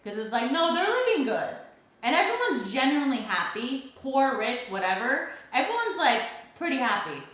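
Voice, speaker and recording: A woman's voice: high-pitched, sing-song, normal speed, a bit bright. A young woman from California hosting a casual livestream, reading chat comments and ranting freely with some swearing. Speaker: livestream host. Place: home kitchen. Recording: very echoey room.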